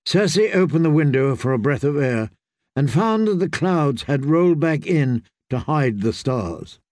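A man reading an audiobook as narrator, in a measured, even delivery. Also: a little high, no echo, clean studio sound. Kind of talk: scripted narration.

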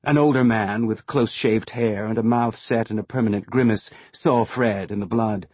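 Husky-voiced male audiobook narrator. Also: fairly low pitch, normal speed, darkish tone, dry recording.

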